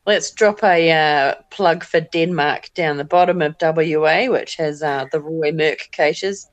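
A cheerful woman with a New Zealand accent and a low voice, chatting as a podcast guest. She jokes and fills pauses with ums, and the recording is dry and close. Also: no room sound. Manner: cheerful, jokey, filler-heavy. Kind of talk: casual chat.

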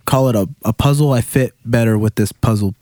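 Young guy in casual chat, warm relaxed voice, halting and candid, dry sound. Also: mid-range voice, no echo.

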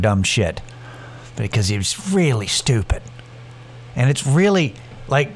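A man hosting a podcast, telling a rambling, profane story in a casual way with many restarts. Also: medium pitch. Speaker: podcast host.

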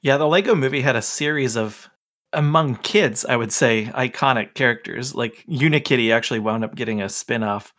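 A man's voice: medium pitch, a little fast, a bit bright. A man chatting enthusiastically on a podcast panel. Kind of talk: casual chat.

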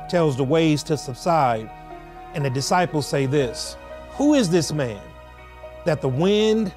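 Higher-voiced male pastor preaching. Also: a little mellow. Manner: preaching with rhythmic repetition and emphatic pauses. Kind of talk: sermon.

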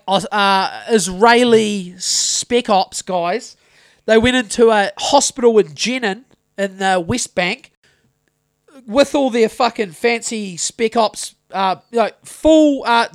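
A man's voice: very high voice, no room sound, clean studio sound. Sweary New Zealand man ranting. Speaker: podcast co-host. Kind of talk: casual chat.

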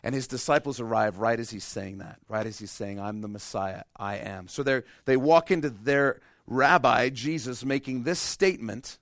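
A middle-aged man delivers a sermon in a dry, close sound with no room echo. His voice sits at an ordinary pitch, and his storytelling runs from loud, emphatic peaks down to quiet, hushed lows, with a streak of self-deprecating humor. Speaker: pastor.

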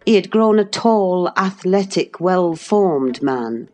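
A woman narrating a classic novel as an audiobook, measured and expressive. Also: lowish voice, faint music behind. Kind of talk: classic novel read aloud.

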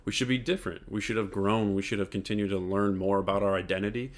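A man co-hosts a casual faith podcast in a somewhat low voice. He is earnest and reflective and laughs easily as he speaks. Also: steady tone, fast. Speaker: podcast co-host.

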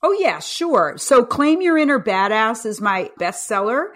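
A woman's voice: a little high, a little slow. A woman in her fifties, a guest coach and author, telling stories with animation in a podcast interview and acting out the voices she quotes. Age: 50s. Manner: animated storyteller who acts out quoted speech.

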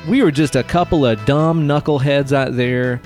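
A man co-hosts a podcast in loose, joking banter, cursing often and slipping into hammy mock-dramatic bits. Faint guitar music plays softly behind his talk. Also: mid-range voice, moderate pace. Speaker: podcast co-host. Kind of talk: casual podcast chat.

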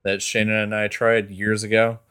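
A man's voice: fairly low pitch, completely flat delivery, moderate pace, fairly bright tone, smooth. A man co-hosting a podcast, chatting casually and cursing freely. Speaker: podcast co-host. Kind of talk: casual chat.

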